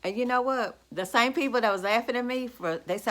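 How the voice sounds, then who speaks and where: A woman's voice: a little high, brisk, hardly any pauses, pushed and bright. A woman, talking to her viewers from home in a sassy, gloating, casual vlog rant. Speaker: vlogger. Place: at home, indoors.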